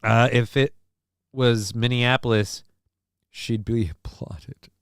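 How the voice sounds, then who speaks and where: A man's voice: mid-range voice, steady tone, slow pace, clear, resonant tone, no room sound. A man from the American Midwest hosting a casual livestream, joking and rambling as he comments on the news. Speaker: host.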